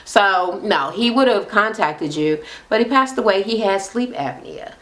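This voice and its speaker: A married adult woman, medium-pitched and measured in pace, recaps a reality show in casual, rambling chat. She's animated and profane, swearing freely and often acting out quotes.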